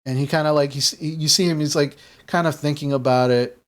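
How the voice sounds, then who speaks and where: A man's voice: a little high, steady tone, fairly quick. A young man narrating a tabletop game as game master, loose and full of fillers.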